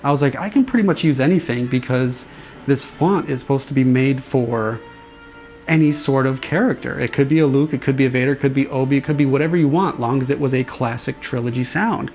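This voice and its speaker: A man's voice: mid-range voice, fairly quick, a little mellow, soft background music. A man casually explaining how he designed a sound, rambling a little and imitating swing noises with his voice. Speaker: saber sound font designer. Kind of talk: casual explanatory demo talk.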